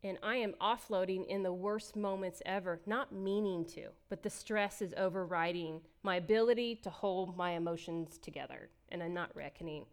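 A woman's voice: fairly low pitch, normal speed, hardly any pauses. A middle-aged woman giving a candid, emotional personal testimony as a church speaker, laughing often as she talks.

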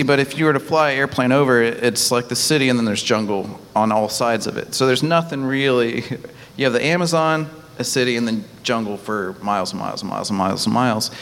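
Texan man giving a church mission report. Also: medium pitch. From Texas. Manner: halting, many restarts, laughs easily. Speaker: missionary pastor. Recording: long hall reverb.

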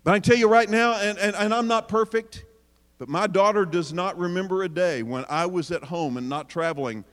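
A man preaching to a packed hall, his fairly high voice carrying with a long reverb tail. He jokes and teases the audience, asks them questions, and then turns serious. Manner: animated, joking, addresses audience directly. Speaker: speaker on parenting. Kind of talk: sermon.

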